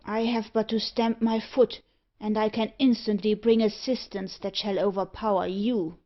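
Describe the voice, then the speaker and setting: Auriol, a proud, defiant gentleman, as a woman reads him. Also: medium pitch, level tone, moderate pace, lo-fi sound, natural voice. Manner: earnest, defiant.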